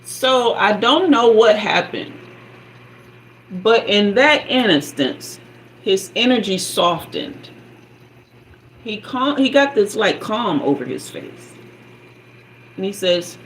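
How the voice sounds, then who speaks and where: A woman host telling a personal story in a sassy, animated way, acting out sounds and quoted dialogue. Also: mid-range voice, takes it slowly, pauses often, a little hiss or hum, rough recording. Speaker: spiritual guide and channel host.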